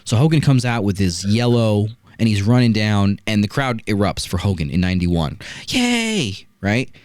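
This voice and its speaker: A man's voice: fairly low pitch, normal speed, no room sound. A man hosting a casual wrestling review, telling stories with lots of "right?" asides. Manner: animated storytelling, rhetorical "right?" asides. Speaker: wrestling podcast host.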